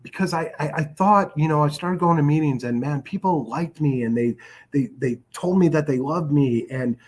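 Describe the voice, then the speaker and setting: A man's voice: on the high side, normal speed. A middle-aged man from the Chicago area, telling his recovery story as a podcast guest in an earnest, reflective way, with many restarts and filler words. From Chicago area, USA. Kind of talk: personal storytelling in a podcast interview.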